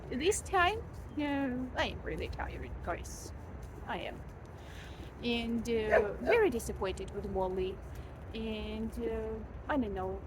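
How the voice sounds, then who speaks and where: A high-voiced woman talks in a tired, sleep-deprived way, chatting candidly to her viewers with plenty of fillers and repeated words. Her home recording carries a clear layer of background noise. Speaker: vlogger, mother of a baby. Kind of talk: casual vlog chat.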